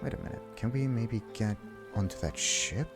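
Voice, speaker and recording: A man's voice: on the low side, moderate pace, music in the background. A man hosting a game let's play, casually reading dialogue options aloud, chuckling and musing to himself. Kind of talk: casual gameplay commentary.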